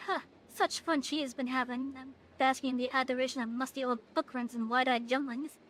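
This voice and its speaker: A woman's voice: sits high, steady tone, a little fast, fairly bright tone. A woman voicing a vain, teasing fairy king, reading game dialogue aloud in a dramatic, sing-song way. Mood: theatrical.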